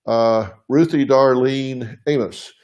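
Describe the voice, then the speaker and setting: A man's voice: mid-range voice, takes it slowly, a little mellow, highs cut off. A man hosting a live show from his home, speaking earnestly and plainly to viewers, thinking aloud as he answers their questions. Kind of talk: live casual address to viewers.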